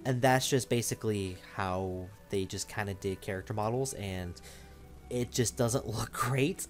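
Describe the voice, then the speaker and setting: A man's voice: on the low side, unhurried. A young man giving casual, joking commentary while playing a game, rambling and swearing, with game music behind him. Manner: rambling, crude, joking, mimics game lines. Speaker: let's play gamer. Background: game audio and music.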